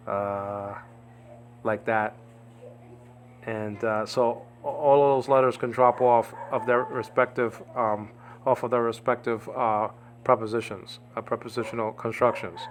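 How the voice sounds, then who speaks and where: A man giving an informal Bible Greek lesson, rambling and often checking in with "okay?" and "you understand?". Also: medium pitch. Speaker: Greek language teacher.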